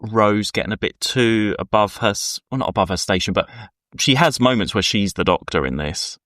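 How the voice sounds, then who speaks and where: A man with a fairly low, fairly bright voice co-hosts a podcast at a normal speed. Chatting casually, he rambles through stories and acts out the people he quotes. The audio is clean studio sound with no echo.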